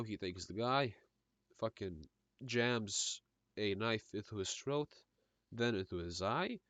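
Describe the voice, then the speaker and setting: A man's voice: on the low side, dry recording. Man with an Eastern European accent reading a script. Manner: reads all parts in one voice, stumbling over words and adding asides. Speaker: script reader. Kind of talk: comedic script read-through.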